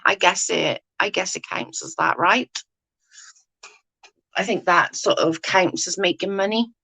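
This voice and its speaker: This woman's voice is lowish with a sharp tone, captured on a rough recording. She's a YouTube commentator on an easygoing livestream, reading viewer comments while rambling, self-correcting, and often asking "do you know what I mean."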